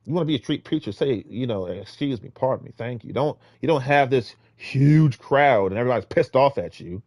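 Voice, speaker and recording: Man, casual preaching monologue, rambling, exhorting, loud bursts then muttering, dry close sound. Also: expressive, a little fast, no room sound. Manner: rambling, exhorting, with many restarts; swings between loud emphatic bursts and low muttering. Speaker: vlogger giving street-preaching advice.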